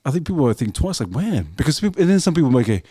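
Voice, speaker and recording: Fast-talking man with a dark, dry voice. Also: a little high, big pitch swings, breathy edge, no room sound. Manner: probing questions with casual interjections. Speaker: podcast host. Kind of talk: casual conversational interview.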